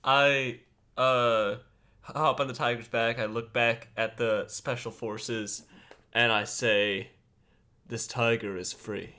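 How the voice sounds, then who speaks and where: A man playing a tabletop game, delivering slow, grandiose lines in character. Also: mid-range voice, flat delivery, pushed and bright, smooth. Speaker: player. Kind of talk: tabletop role-play.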